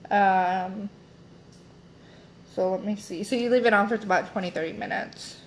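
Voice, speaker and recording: A woman's voice: medium pitch, steady tone, moderate pace, a little hiss or hum. A young woman chatting casually as she unboxes beauty products, rambling with lots of fillers and self-corrections. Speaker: beauty vlogger.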